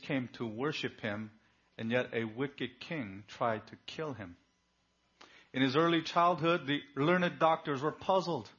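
A man preaching a sermon, reading scripture and swinging between hushed and loud, fervent delivery. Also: medium pitch, husky. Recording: dull lo-fi recording.

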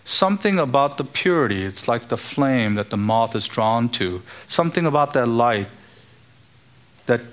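A man preaching an expository sermon in an earnest, emphatic way, now and then acting out the voices he quotes. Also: medium pitch.

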